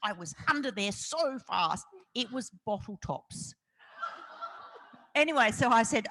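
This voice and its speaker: A woman's voice: on the high side, unhurried, slight background noise. Laughing Australian woman telling stories. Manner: animated anecdotal storytelling with frequent laughter. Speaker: investigative journalist, guest. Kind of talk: storytelling interview on stage. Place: festival event hall. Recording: long hall reverb.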